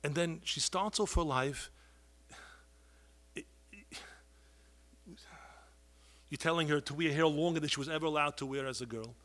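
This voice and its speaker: High bright-voiced preaching man. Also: normal speed, long pauses. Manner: pleading, rises to loud outbursts, heavy Yiddish and Hebrew terms. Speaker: rabbi giving a talk. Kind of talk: impassioned sermon.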